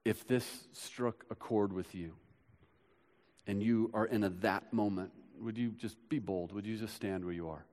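A man preaching a sermon as pastor, swinging from loud urgent builds to soft hushed passages, recorded in a church. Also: on the low side, steady tone, unhurried. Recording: long hall reverb.

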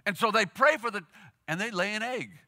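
A man preaching a sermon in a lively, conversational storytelling way, acting out the characters as he goes. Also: high voice, brisk. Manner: animated, conversational storytelling with acted quotes. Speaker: pastor.

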